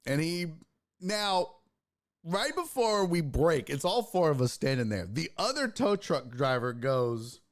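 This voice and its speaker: On his sports podcast, a man with a fairly high voice tells a story casually at a measured pace. He's animated and swears a lot, acting out the voices of the people in his anecdote.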